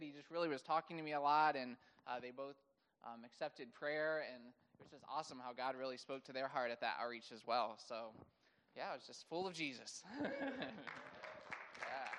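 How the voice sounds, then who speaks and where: A man's voice: a little high, fairly even intonation, a bit bright, big-room sound, slight background noise. A man sharing upbeat testimony with praise and hesitations. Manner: upbeat, praise-filled, halting.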